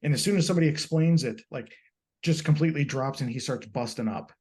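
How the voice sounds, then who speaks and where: A man's voice: mid-range voice, fast talker, husky. A man co-hosting a podcast, telling stories with animation and acting out the people he quotes. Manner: animated storyteller, acts out quotes. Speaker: podcast co-host. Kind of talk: casual chat.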